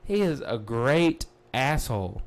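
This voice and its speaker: A man hosting a wrestling recap livestream, talking casually, excitable and blunt, swearing freely. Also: mid-range voice, slow. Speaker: podcast host.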